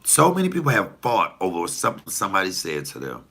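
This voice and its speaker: Man, comedian, gravelly voice, bright tone, blunt and preachy, casual monologue. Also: sits low, huge pitch swings, fast talker. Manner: blunt, profane, preachy storytelling.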